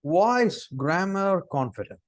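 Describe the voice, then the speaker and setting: Indian man giving an animated lecture. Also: high-pitched, slow, no room sound. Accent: Indian English. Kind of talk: lecture on interview body language.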